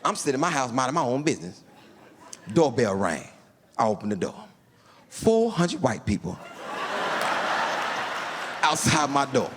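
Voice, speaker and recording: Animated male stand-up comic on stage. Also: mid-range voice, measured pace, pauses often. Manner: animated storytelling with voiced quotes. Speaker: stand-up comedian. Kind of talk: stand-up comedy storytelling. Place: large theater stage before a live audience. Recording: live hall with reverb and faint room noise.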